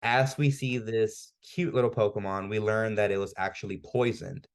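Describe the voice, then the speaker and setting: A fairly low-pitched male voice, relaxed and conversational. He co-hosts a podcast and walks through a story's events with eager, filler-heavy chatter. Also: moderate pace. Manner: enthusiastic, frequent "like" fillers. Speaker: podcast co-host. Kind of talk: casual recap and review.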